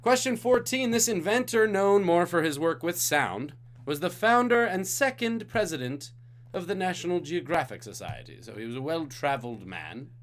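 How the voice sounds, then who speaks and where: A man's voice: fairly high pitch, sing-song, normal speed. A man from Singapore hosting a live-streamed trivia night, reading questions with jokey, playful asides to the chat. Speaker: trivia host.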